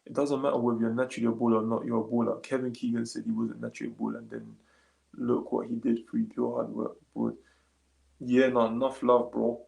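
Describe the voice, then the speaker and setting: A man, a little tired, chatting casually on a live stream and reading comments aloud in relaxed slangy talk. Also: mid-range voice, brisk, vocal fry, roomy sound, poor audio. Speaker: streamer answering chat.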